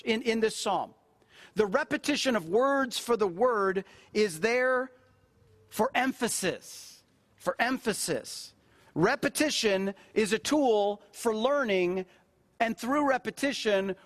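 A man's voice: sits high, fairly bright tone. A middle-aged man, a pastor, preaching a sermon in a conversational way and repeating phrases for emphasis.

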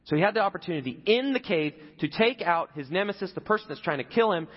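A male pastor preaches in a lively, up-and-down voice, chatty and full of questions to the crowd. His voice sounds slightly husky, with a long hall echo. The audio is dull and lo-fi. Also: high-pitched, fast talker. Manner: conversational, asks the audience questions. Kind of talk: sermon.

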